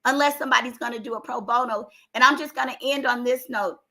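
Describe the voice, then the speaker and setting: She talks fast in a highish, pushed, bright voice. The older woman's commentary is opinionated, emphatic and exasperated, her voice strained as she erupts into outbursts, vlogger-style.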